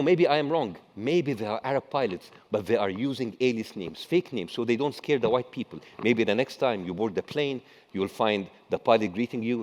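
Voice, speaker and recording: A middle-aged man with an Egyptian accent delivers a satirical keynote, full of mocking asides. His voice sits at an ordinary male pitch. He is recorded in a large conference hall with a long, echoing reverb. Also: expressive, fairly quick, a little mellow. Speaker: conference speaker.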